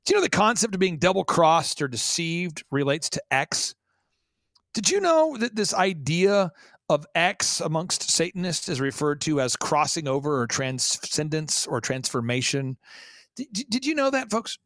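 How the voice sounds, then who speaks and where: A man guesting on a talk show, speaking emphatically with rapid rhetorical questions and repeated words. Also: on the high side, sing-song, fairly bright tone, dry recording, clean studio sound. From Oklahoma. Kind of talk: conspiracy talk-show commentary.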